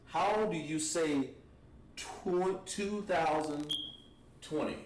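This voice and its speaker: A man teaching a language class, thinking aloud and pausing while he writes on a board. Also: on the high side. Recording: echoey room, mic at a distance, faint noise.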